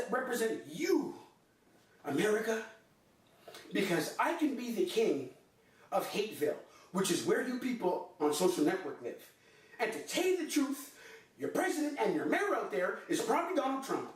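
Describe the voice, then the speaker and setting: A man's voice: big pitch swings, moderate pace. A man hosting a sports podcast, delivering an impassioned, theatrical comedic rant. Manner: impassioned and theatrical, swinging between low growls and high outbursts. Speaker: podcast host. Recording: echoey room, far from the mic.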